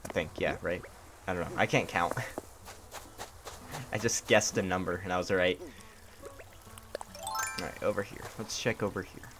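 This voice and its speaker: Over music, a tired young man in a hot room at home comments casually on his game, grumbling with sarcastic, mock-indifferent remarks. His voice is low, his pace moderate, and he pauses often; the home stream recording is noisy.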